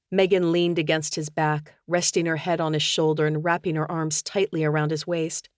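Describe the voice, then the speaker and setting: A woman narrating a novel audiobook in a steady, measured reading. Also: sits low, dry recording, clean studio sound. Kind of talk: scripted narration.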